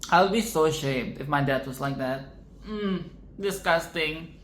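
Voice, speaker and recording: A woman's voice: low-pitched, moderate pace, echoey room, a little hiss or hum. A woman vlogger reacting to a film in casual, crude and rambling commentary, with bursts of mock outrage.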